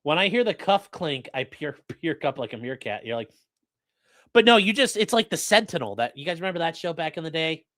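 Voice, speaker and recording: Man, attorney, stream host, jokey, profane, lively pitch, dry close sound. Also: fairly quick, no room sound. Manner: animated, profane, joking, does voices. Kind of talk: live-stream commentary on court footage.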